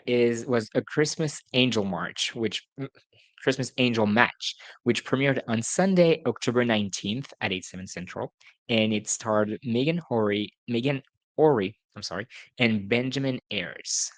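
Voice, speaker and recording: Male podcast host, lowish voice, dry close sound, chatty and self-correcting. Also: dry recording. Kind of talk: casual solo podcast review.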